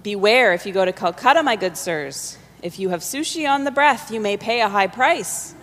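A woman's voice: mid-range voice, animated, moderate pace, lightly acted. A woman voicing a passionate, indignant sixteen-year-old boy, speaking in a mocking, theatrical way. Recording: long hall reverb.

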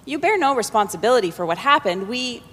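A woman's voice: fairly high pitch, lively intonation, fast talker, a bit bright, breathy edge. Woman doing a curt formal investigator. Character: stiff, impatient Japanese male investigator. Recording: long hall reverb.

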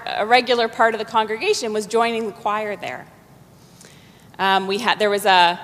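A woman's voice: mid-range voice, fairly bright tone. Woman preaching in a reverberant church. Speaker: pastor. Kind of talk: sermon with storybook reading. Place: church sanctuary.

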